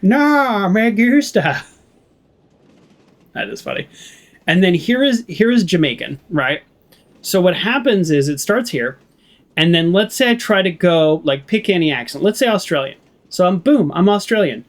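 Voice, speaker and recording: A man's voice: sits high, animated, normal speed. A man with a West Coast American accent, rambling chattily as he plays and comments on a game. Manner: rambling, chatty, lots of fillers and laughs. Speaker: let's play streamer.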